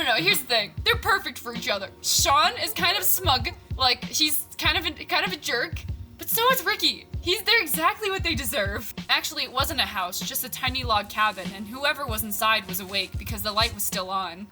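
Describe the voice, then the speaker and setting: Young woman reading her cringey old story out loud, higher voice, music going behind. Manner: laughs at herself, self-mocking, breaks off mid-line. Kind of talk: comedic read-aloud with commentary. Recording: music playing underneath.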